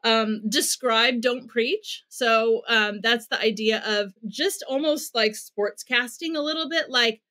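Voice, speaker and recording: A woman's voice: a little high, slow pace, few pauses, bright, forceful tone. An American woman guesting on a podcast, earnestly explaining parenting advice and acting out bits of dialogue as she goes.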